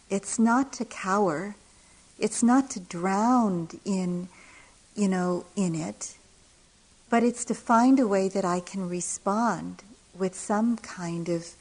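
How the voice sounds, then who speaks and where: Middle-aged woman teacher, warm storytelling dharma talk, unhurried with light laughs. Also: medium pitch, rough recording. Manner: gentle storytelling with soft laughs. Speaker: meditation teacher. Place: retreat center hall.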